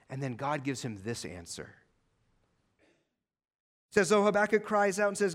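Pastor guy with a high voice preaching, goes big then drops real quiet, long hall echo. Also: very animated, moderate pace, long pauses. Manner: dynamic preaching, swings between loud emphasis and hushed low lines. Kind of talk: sermon.

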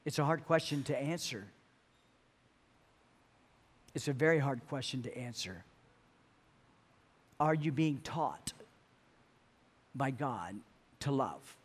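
A man's voice: mid-range voice, slow, pauses often. A middle-aged man preaching a sermon as pastor, earnest, often repeating words as he builds to a point.

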